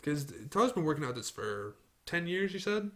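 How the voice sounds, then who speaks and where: Young guy hosting a chill podcast, rambly storyteller, voice sits a bit high. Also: sing-song, moderate pace, a bit bright. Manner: rambling storyteller, teasing friends. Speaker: podcast host. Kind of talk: casual chat.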